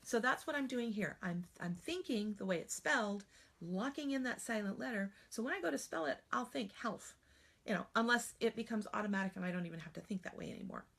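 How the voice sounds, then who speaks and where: A woman's voice: medium pitch, lively intonation, fairly quick, gravelly, a bit bright. Woman spelling trainer, patient and explanatory, mid-range voice, teaching demo. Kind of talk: teaching demonstration.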